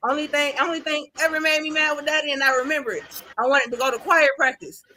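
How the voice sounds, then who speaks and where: A woman's voice: sits high, fairly even intonation, fast talker, pushed and bright, a little hiss or hum. A woman talking about her father in a casual, heartfelt podcast chat, laughing often. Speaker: podcast guest.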